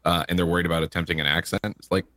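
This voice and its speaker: A man with a very low, deep voice speaks bluntly and jokes around, swearing casually. The sound is dry and close to the mic. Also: flat delivery, rapid-fire, sharp tone, no room sound. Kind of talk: casual podcast chat.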